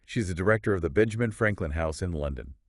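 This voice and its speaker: A man with a low voice hosts a podcast in an easy, conversational way. He keeps things upbeat, tossing out quick, clipped phrases. The sound is dry and close, with no room around it. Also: animated, dry recording. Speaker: podcast host. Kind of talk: casual podcast chat.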